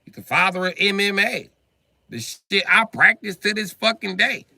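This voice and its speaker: A man's voice: high-pitched, moderate pace, creaky, dry recording, clean studio sound. A man hosting a casual livestream, ranting and joking with a lot of swearing. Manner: animated, profane ranting, laughs at his own jokes. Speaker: livestream host.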